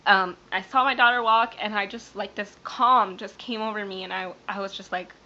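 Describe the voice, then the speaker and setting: Teary young woman with a bright voice. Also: medium pitch, steady tone, moderate pace, a little hiss or hum. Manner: tearful, rambling, many fillers and restarts. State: teary, near crying. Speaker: vlogger. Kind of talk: emotional personal storytelling to camera. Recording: dull lo-fi webcam sound.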